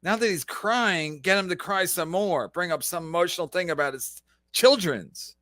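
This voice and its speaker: A man's voice: high-pitched, normal speed, dry recording. A man hosting a podcast, giving sarcastic, profane commentary over a clip he is reacting to. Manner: sarcastic, loud profane interjections. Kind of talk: mocking commentary.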